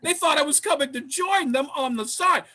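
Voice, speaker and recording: A man with a very high, bright voice spins his comic anecdotes with lively energy. He jumps in and out of the voices of the people in his story, playing up each twist for laughs. His tone stays bright and quick throughout. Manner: lively, acts out other people's lines. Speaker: improv troupe member telling stories.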